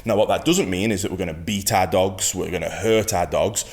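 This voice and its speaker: A man's voice: low voice, fairly quick, a little mellow. Firm, emphatic male dog trainer. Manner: firm, emphatic, repeats key phrases. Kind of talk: instructional talk to camera.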